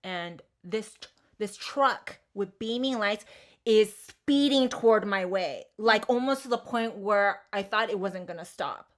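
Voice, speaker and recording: A young woman, co-hosting a podcast and telling a story in casual chat, animated and swearing freely with lots of fillers and restarts. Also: mid-range voice, measured pace. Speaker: podcast co-host.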